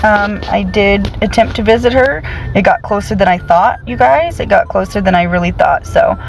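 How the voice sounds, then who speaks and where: A woman's voice: medium pitch, normal speed, gravelly, a little hiss or hum, low-quality recording. A woman telling her followers a story in a chatty vlog style, nervous and often saying "you guys". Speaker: TikToker recounting a jail visit.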